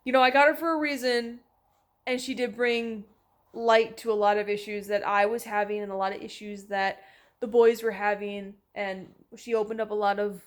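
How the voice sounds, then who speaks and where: A woman's voice: medium pitch, little pitch movement, normal speed. A young woman chatting casually to camera at home, talking to her cats between thoughts. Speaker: vlogger. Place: at home, indoors.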